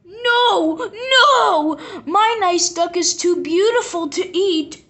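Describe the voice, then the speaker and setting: A woman voicing a small frightened boy in a storybook, with high yelping cries. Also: lively intonation, drawn-out words, a bit bright, full character voice. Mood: pleading.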